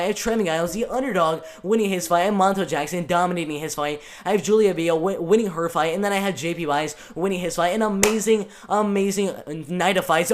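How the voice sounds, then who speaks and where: A young man hosting his own fight-prediction channel, talking casually and excitedly with lots of ums and restarts. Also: high-pitched. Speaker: MMA channel host.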